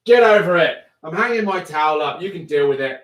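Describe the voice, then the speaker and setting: Chatty man, higher voice. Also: brisk. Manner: chatty, animated, self-interrupting. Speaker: livestream host. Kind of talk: casual live chat with viewers.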